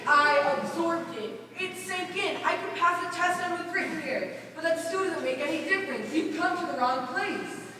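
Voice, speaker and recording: A woman's voice: very high-pitched, normal speed, hardly any pauses, bright, forceful tone. A young woman acting an exasperated, patronizing male bank manager in a stage play, with stiff, curt delivery. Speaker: student actor. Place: school auditorium stage. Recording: echoey hall, distant mic, hiss.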